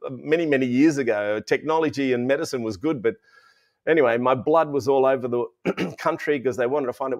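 A man's voice: medium pitch, fairly quick. A man in his fifties with an Australian accent, a guest in a casual interview, telling a personal story in a rambling way full of restarts and fillers. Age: 50s.

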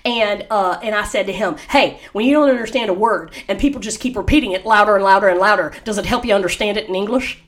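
A woman's voice: medium pitch, quick pace, hardly any pauses. A woman telling a story in casual chat, acting out the quotes with lots of laughter. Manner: animated, acts out quotes, laughs often.

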